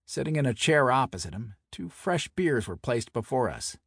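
A man narrates a hard-boiled first-person story in a measured, wry manner. His voice is slightly husky. The recording is dry, with no room sound. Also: mid-range voice, sing-song, fairly bright tone, dry recording.

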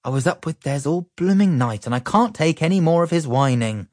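A worn-out mum with a sighing, lifted voice, as a male reader puts her on. Her pitch jumps around a lot. The sound is close and dry. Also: animated, a little fast, darkish tone, dry recording. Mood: tired. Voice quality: sighing and tired. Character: tired, exasperated British mum.

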